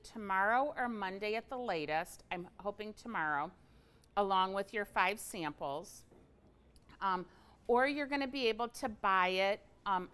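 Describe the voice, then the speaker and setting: A woman's voice: mid-range voice, a bit bright, clean tone. A woman hosting a casual livestream product demo from an indoor craft studio, chatty and enthusiastic, with frequent fillers.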